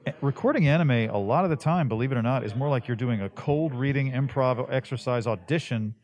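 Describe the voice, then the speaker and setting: A man, a voice actor, chatting casually in an interview, loose and animated, with many restarts. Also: medium pitch, fairly quick. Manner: animated, laid-back, rambling with restarts. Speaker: voice actor guest.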